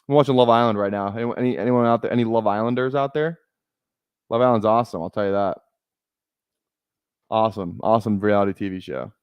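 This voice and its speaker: A man's voice: on the low side, fast, darkish tone, clean tone, no echo, clean studio sound. Rambling young man on a stream. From Minnesota. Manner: rambling, joking, many fillers and restarts. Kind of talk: casual live-stream chat while drafting.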